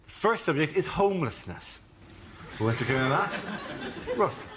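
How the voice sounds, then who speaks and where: A man hosting a panel show, briskly announcing topics and calling on comedians. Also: fairly high pitch, big pitch swings, very noisy. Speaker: show host. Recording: TV studio audio from far off with crowd.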